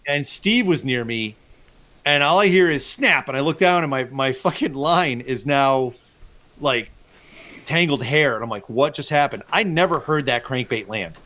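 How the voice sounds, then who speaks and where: A male podcast host spins long, meandering fishing stories, swearing freely as he goes. His voice sits at an ordinary middle pitch, and he talks in a loose, casual way. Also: lively intonation, moderate pace, pushed and bright. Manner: profane, rambling storyteller.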